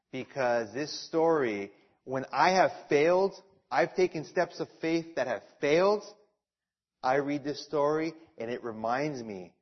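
A man preaching a sermon, telling stories with animation and repeating his key phrases for emphasis. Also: on the high side. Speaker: pastor. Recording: dull lo-fi sound.

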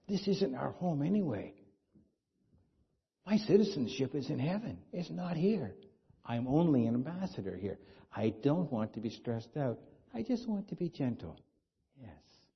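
A man's voice: mid-range voice, very animated, measured pace, vocal fry, husky. A man preaching a sermon as pastor, talking conversationally and asking the congregation rhetorical questions. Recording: dull lo-fi sound.

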